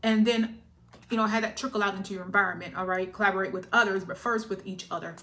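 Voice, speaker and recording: A woman's voice: mid-range voice, steady tone, fast talker, pushed and bright, slight background noise. A woman giving a collective tarot reading in a chatty, emotional way, often laughing and checking in with "all right?". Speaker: tarot reader.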